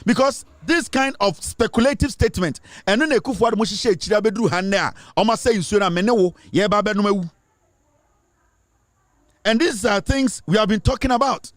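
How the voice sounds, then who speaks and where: Ghanaian male commentator, high-pitched and insistent, dry close sound. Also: fairly quick, dry recording. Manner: emphatic, lecturing, switching between English and Twi. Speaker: online commentator. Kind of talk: impassioned social commentary.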